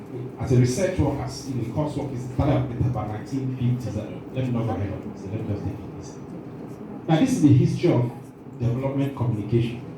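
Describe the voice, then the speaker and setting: Recorded from a distance in an echoey, large conference room with a noisy background, a man from Nigeria leads a workshop. His medium-pitched voice shakes a bit from nerves as he asks the room questions, cracks jokes, and cuts himself off.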